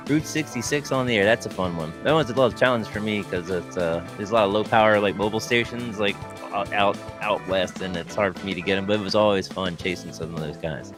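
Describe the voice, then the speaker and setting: Male co-host, low-pitched, halting delivery, music clearly behind. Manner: hesitant, with many ums and uhs. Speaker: podcast co-host. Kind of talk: casual chat.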